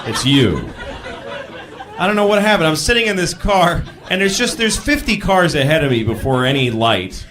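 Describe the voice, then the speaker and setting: A man performing stand-up comedy, acting out the people in his stories by shouting them in a high voice. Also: very animated, moderate pace. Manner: acts out shouting characters in high voice. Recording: live club with crowd. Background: audience laughter.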